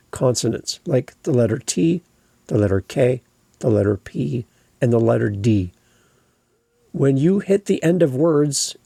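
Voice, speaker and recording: A man hosting a podcast, giving earnest, encouraging coaching on clear speech and stressing the ends of words. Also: mid-range voice, warm tone, no room sound. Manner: earnest, encouraging, emphatic on word endings. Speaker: podcast host.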